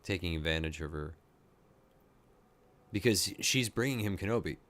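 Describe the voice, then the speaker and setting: A man hosting a reaction video, excitedly thinking aloud and gushing as he watches. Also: low-pitched, normal speed. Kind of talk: casual reaction commentary.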